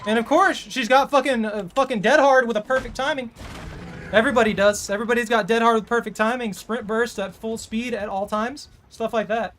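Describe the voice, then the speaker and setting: A frustrated gamer narrating their own match, ranting and cursing all the way through. The voice is bright and sharp-edged. A faint hiss of noise sits under it. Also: medium pitch, fairly even intonation, fairly quick. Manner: ranting, swears constantly. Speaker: gamer playing a killer. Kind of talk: gameplay commentary.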